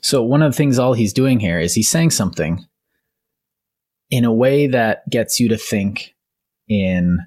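A man's voice: medium pitch, expressive, a little slow, long pauses, darkish tone. A man co-hosting a casual discussion podcast, rambling enthusiastically and often correcting himself. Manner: rambling, self-correcting, enthusiastic about literature. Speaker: podcast co-host.

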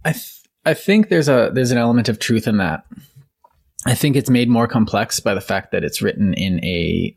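A man's voice: deep voice, gravelly, slightly rough. A man co-hosting a casual discussion podcast, rambling enthusiastically and often correcting himself. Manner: rambling, self-correcting, enthusiastic about literature. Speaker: podcast co-host.

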